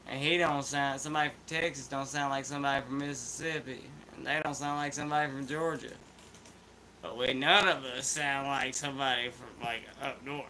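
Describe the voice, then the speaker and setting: Man, Appalachian accent, bright voice, slangy casual vlog chat, faint background hiss. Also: mid-range voice, steady tone, a little fast, low-quality recording. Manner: laid-back, rambling, slangy. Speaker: host.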